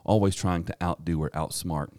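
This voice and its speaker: A man's voice: low-pitched, steady tone, normal speed, mellow, dry recording, studio quality. A man with a rural American accent co-hosting a casual podcast chat, rambling with fillers and chuckles. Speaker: podcast co-host, teacher.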